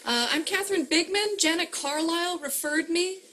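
A woman's voice: very high-pitched, normal speed, bright, forceful tone, a little hiss or hum, poor audio. An actress playing a nervous, giggly woman patient in a comedy sketch.

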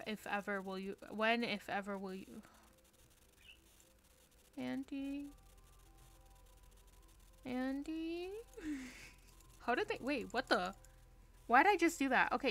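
A woman's voice: fairly high pitch, normal speed, a bit bright, slight background noise. Playful, melodramatic woman streamer. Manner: playful, melodramatic pleading and joking. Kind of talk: live gameplay stream chat. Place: her bedroom at home.

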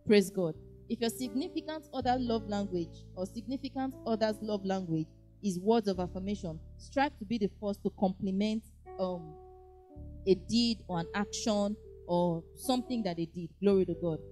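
Animated woman preaching, mellow voice. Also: mid-range voice, moderate pace, faint music behind. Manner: animated, acts out dialogue, frequent "praise God". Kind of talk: lively sermon teaching.

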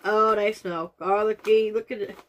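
A woman's voice: mid-range voice, steady tone, normal speed, a little hiss or hum. A woman doing a casual taste-test vlog, groaning and reacting dramatically as she talks straight to her viewers. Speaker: vlogger.

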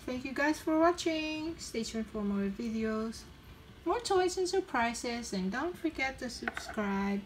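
This young woman's voice is a little high with lively intonation, and she speaks a little slowly while chatting and giggling through a toy unboxing with cheerful exclamations. It's a rough recording with a little hiss or hum, and packaging crinkles and clicks throughout.

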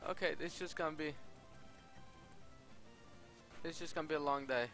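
A man giving casual, excitable gameplay commentary, exclaiming often. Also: a little high, racing, soft background music. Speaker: Let's Play gamer.

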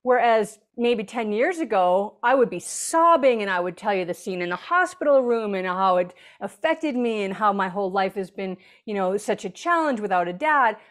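A woman's voice: medium pitch, lively intonation, moderate pace, few pauses. A woman author as an interview guest, explaining earnestly and now and then acting out quoted voices. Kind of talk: conversational interview.

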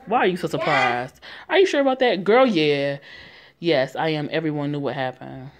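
A woman's voice: low voice, animated, moderate pace, a little hiss or hum. A woman voicing a sassy, gossipy older female diner owner who drawls and calls people honey.

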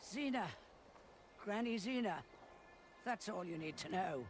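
A woman's voice: medium pitch, animated, measured pace, slight background noise, lightly acted. An actress playing Granny Xena, a bossy foul-mouthed old woman. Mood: gruff. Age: older. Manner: brash, bossy, swearing.

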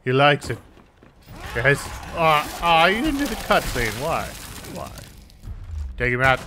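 A man giving crude, excitable commentary over a video game playthrough, taunting the characters and cheering loudly. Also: on the high side, takes it slowly, background noise. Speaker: gameplay commentator.

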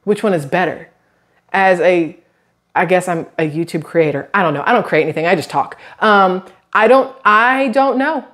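A woman's voice: lowish voice, normal speed. A woman, chatting casually as a YouTube creator. She rambles from point to point and acts out other people's lines as she tells stories. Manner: chatty, rambling, animated quoted asides. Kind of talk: casual chatty vlog storytelling.

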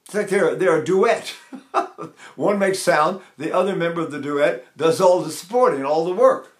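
A man's voice: fairly high pitch, moderate pace, reverberant. An older man teaching vocal technique, asking rhetorical questions and breaking into short sung vowels to demonstrate.

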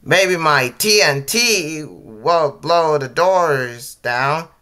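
Man doing a yelling explosive-loving soldier. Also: expressive, very slow, full character voice. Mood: shouting. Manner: yelling, high-pitched.

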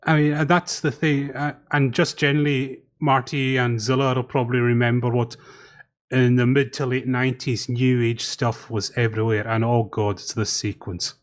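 A man's voice: mid-range voice, little pitch movement, normal speed. A man hosting a casual podcast commentary. He talks over an online call and steers the group. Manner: chatty, organizes the talk and guides the others. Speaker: podcast host.

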